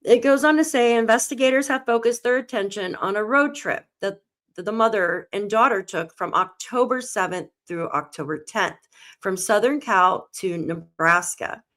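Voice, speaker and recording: A woman's voice: medium pitch, normal speed, a bit bright. Tearful woman hosting a true crime stream. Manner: greets chat viewers by name, reads articles aloud, tearful. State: close to tears. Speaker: true crime channel host. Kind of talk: live-stream true crime news reading.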